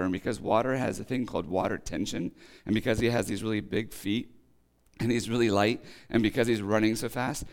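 A man giving a relaxed, chatty sermon, reading scripture and then explaining it with casual asides, his voice a little rough today. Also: lowish voice. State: voice acting up, slightly rough. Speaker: preacher. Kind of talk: conversational sermon.

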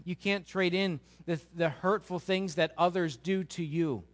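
A man's voice: high-pitched, measured pace. A middle-aged man preaching a sermon to a live congregation, asking the audience questions and acting out quotes. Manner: animated, asks the audience questions, acts out quotes.

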